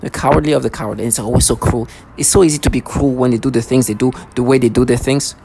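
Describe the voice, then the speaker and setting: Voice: mid-range voice, steady tone, fast talker, creaky, background noise. A vlogger speaking in a rambling personal monologue, agitated and repetitive, with frequent stammering restarts.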